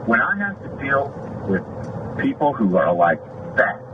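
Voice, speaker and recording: A man's voice: medium pitch, big pitch swings, unhurried, distant mic. A middle-aged man, an off-duty deputy, indignantly retelling a traffic stop and acting out both sides of the quarrel. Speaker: off-duty deputy making a complaint. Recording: lo-fi dash cam audio with noise.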